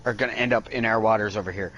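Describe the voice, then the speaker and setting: A man's voice: on the low side, steady tone, rapid-fire, fairly bright tone, muffled recording, a little hiss or hum. A man, chatting and joking with racing friends over a headset. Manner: chatty, jokey. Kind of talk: casual chat among sim racers.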